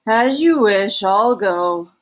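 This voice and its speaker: A woman voicing a meek, bookish male monster from a storybook, with a breathy, mild way of talking. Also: mid-range voice, lively intonation, takes it slowly. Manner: mild, apologetic.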